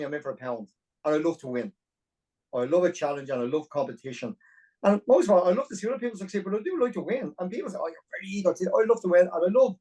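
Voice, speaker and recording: A man in his forties from Dublin with an Irish accent, a podcast guest telling his story in a lively, self-deprecating way with many restarts. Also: on the high side, recorded from a distance, poor audio. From Ireland. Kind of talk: conversational storytelling.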